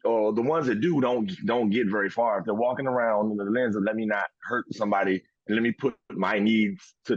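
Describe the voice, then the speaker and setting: A man co-hosting a podcast, telling a profane, animated story with a moral in a casual way. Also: medium pitch, husky, no room sound, dull audio. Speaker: podcast co-host.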